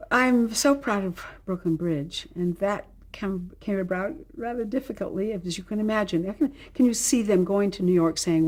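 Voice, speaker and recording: An older actress in an archival interview, telling an animated anecdote and acting out the people she quotes. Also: medium pitch, moderate pace. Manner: animated storyteller, acts out quotes. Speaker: actress recalling a role.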